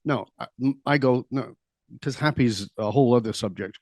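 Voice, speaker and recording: A middle-aged man, a guest on an interview show, telling stories in an animated, conversational way, laughing easily and throwing in quick asides. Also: mid-range voice, no echo, clean studio sound. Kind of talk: conversational storytelling.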